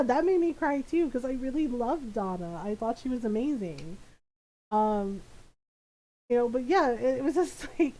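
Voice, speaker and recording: Woman streamer, gaming chat; a touch high, animated, laughs a lot, rambles. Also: poor audio.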